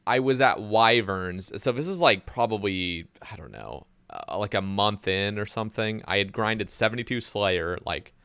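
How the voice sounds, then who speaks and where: Male host, low smooth voice, easygoing storytelling, dry recording. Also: moderate pace, hardly any pauses, fairly bright tone, dry recording. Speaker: podcast host. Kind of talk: casual podcast chat.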